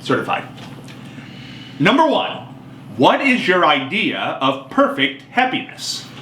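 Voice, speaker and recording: A man's voice: high voice, very animated, slow, bright, forceful tone. A man hosting a talk radio show, with an upbeat, showy announcer delivery and playful teasing. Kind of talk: casual talk show banter. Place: radio studio. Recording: echoey room, faint background noise.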